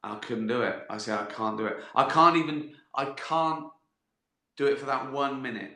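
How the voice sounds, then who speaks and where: Middle-aged man, West Country accent, bright voice, rambling and profane comedic storytelling, echoey room. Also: mid-range voice, normal speed. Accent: West Country English. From West Country, England. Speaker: host answering viewer questions. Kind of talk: casual livestream chat.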